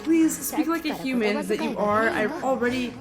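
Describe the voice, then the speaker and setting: A woman's voice: on the high side, lightly acted. A woman voicing a stern, composed young female royal who speaks firmly and measuredly. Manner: firm, measured, commanding.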